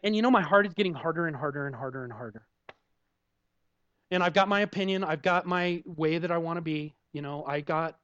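A man's voice: on the high side, no room sound. Candid male preacher, dull dry recording. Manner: candid, self-deprecating storytelling with frequent "you know". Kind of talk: conversational sermon.

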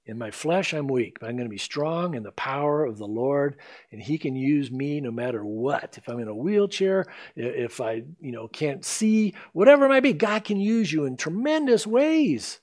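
A man preaching a sermon as pastor, emphatic, slowing down to stress scripture and swinging his voice up and down. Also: fairly high pitch, expressive, darkish tone.

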